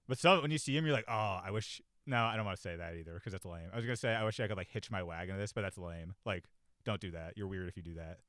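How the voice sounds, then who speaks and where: A man hosting a casual talk show, rambling and self-deprecating, swearing freely and filling every pause, on a cheap close mic. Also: fairly low pitch, a bit bright, no echo. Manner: rambling, profane, self-deprecating, many fillers. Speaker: podcast host. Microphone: cheap desk mic, close.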